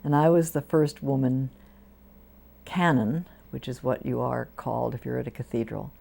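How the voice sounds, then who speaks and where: An older woman who is a priest tells life stories during an interview at a community TV studio, her voice rumbling low with vocal fry and a moderate pace. She spins warm anecdotes, animating the people she quotes with lively voices.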